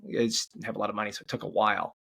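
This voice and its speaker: Gravelly-voiced man telling stories. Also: on the low side, little pitch movement, rapid-fire, sharp tone. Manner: rambling, with many restarts and "right?". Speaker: podcast guest, change coach. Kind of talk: casual storytelling in an interview.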